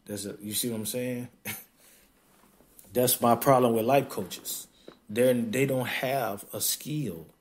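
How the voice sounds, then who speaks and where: A man hosting a podcast in a casual monologue, blunt and emphatic, laughing often and acting out others in quick mocking asides. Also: mid-range voice. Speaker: podcast host.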